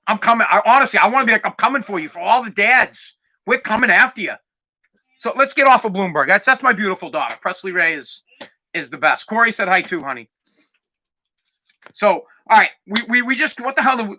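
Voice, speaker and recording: Sharp-voiced man ranting on a podcast. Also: high voice. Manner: heated, profane, sometimes shouting. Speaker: podcast host.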